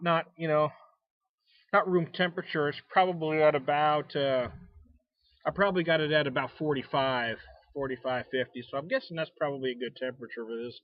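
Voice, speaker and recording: A folksy American man reviews a beer outdoors, rambling in a chatty way and chuckling between thoughts. His voice sits a little high for a man. It comes through a dull, muffled camera mic with no room echo. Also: fairly even intonation, moderate pace. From United States. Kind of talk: casual beer tasting vlog. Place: outdoors out back.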